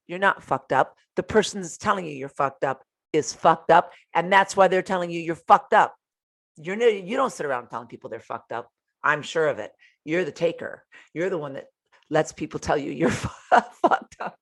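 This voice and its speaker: A woman's voice: on the low side, animated, normal speed. Blunt, candid woman self-help host. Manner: blunt, candid, profane, addresses listeners directly. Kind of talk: motivational self-help talk.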